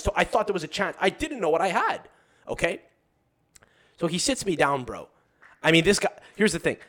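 A man's voice: fairly high pitch, fairly bright tone. A young man talking as a podcast guest in casual chat, telling long profane stories and acting out other people's voices. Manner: profane, rambling storyteller.

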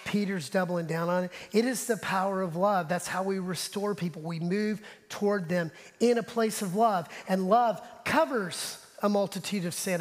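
Male pastor, high voice, animated sermon delivery, long hall reverb behind him. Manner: animated preaching, drops to soft asides; talks straight to the congregation. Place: church sanctuary.

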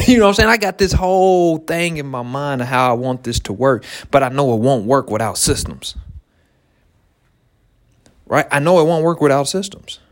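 A man speaks to fellow entrepreneurs in a motivational talk. His pitch swings widely as he hammers key phrases again and again. He laughs often between points. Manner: animated, repeats punchlines, laughs often. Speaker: small business owner.

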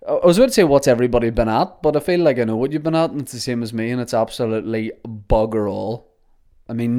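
A man's voice: medium pitch, darkish tone. A man hosting a casual solo podcast, rambling through joking stories. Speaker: podcast host.

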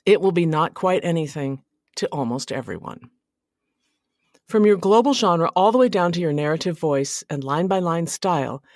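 A woman hosting a writing podcast, giving scripted narration in an earnest, measured delivery. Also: on the low side, a little mellow, no room sound, studio quality.

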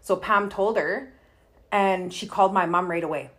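A woman's voice: mid-range voice, moderate pace, a bit bright. A woman from Canada, a guest telling personal stories in a candid, chatty way, full of likes and ums. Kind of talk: casual storytelling conversation.

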